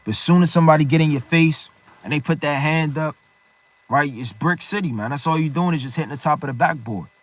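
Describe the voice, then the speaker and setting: Emphatic high-voiced male preacher. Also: fast talker, no room sound. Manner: emphatic, repetitive, ends phrases with "man". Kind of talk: sermon.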